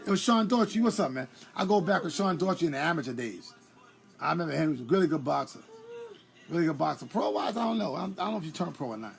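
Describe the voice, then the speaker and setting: A middle-aged man talks casually and at length on a live stream, as a former boxer would, greeting viewers by name along the way. His voice is gravelly and sits a little high for a man. Faint music plays behind him. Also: expressive, fast talker. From New York.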